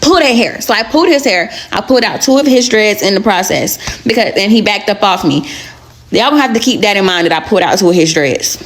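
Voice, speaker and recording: A young woman talks straight to her camera, retelling her story in frank, slangy, unfiltered words. Her voice sits at a middle pitch and she keeps the tone casual throughout. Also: expressive, fast. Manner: candid, slangy, blunt retelling.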